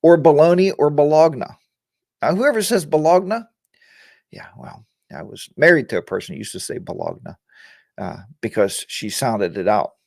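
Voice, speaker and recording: A man's voice: fairly low pitch, lively intonation, moderate pace, gravelly, slightly rough, no room sound, clean studio sound. A middle-aged man hosting a casual live motorcycle chat show, rambling and joking as he greets viewers and reads their comments. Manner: rambling and joking, chatty asides.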